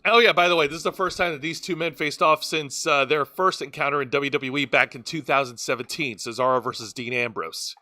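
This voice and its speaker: A man with a bright, slightly higher voice recaps wrestling shows in loose podcast chat. He rambles, trips over words and restarts lines. The sound is dry and close to the mic. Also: steady tone, brisk, hardly any pauses, dry recording. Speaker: wrestling show co-host.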